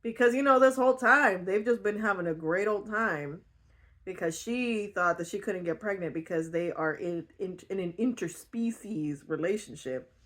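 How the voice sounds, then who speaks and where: A woman casually retelling a book, animated and indignant, laughing easily. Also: medium pitch, normal speed. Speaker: book vlogger.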